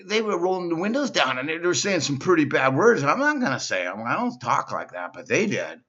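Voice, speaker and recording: A male comedian doing a stand-up monologue in a slow, simple-minded persona, telling silly stories. The recording is dull and lo-fi. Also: fairly high pitch, sing-song, sharp tone.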